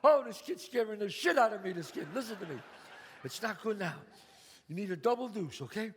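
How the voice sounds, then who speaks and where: A man playing a loud, bossy, profane mob boss in a one-man stage show. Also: high voice, expressive, fairly quick, a little hiss or hum. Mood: urgent. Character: brash swaggering mob boss man, middle-aged. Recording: live stage, long reverb, faint ambience.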